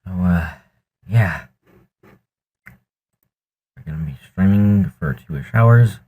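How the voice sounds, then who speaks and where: Breathless, low-voiced man streamer. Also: dark tone, husky. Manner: halting, trailing off, sighing. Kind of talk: casual stream chat.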